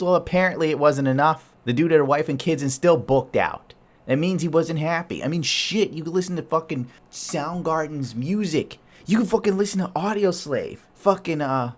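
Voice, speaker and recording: A man's voice: mid-range voice, normal speed. A man hosting a solo podcast, talking in a crude, jokey, rambling way. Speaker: podcast host.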